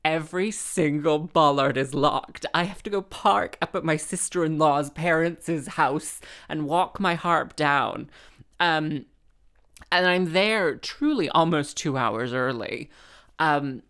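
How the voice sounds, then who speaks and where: A woman's voice: deep voice, slow pace, fairly bright tone. A woman, a musician telling a rambling comic story, full of fillers and exasperation.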